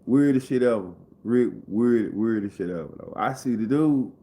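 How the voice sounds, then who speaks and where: A man's voice: medium pitch, normal speed, mellow. A man telling a rambling, profane story on his livestream. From Memphis, Tennessee. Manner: rambling, profane, repeats himself. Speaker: live streamer.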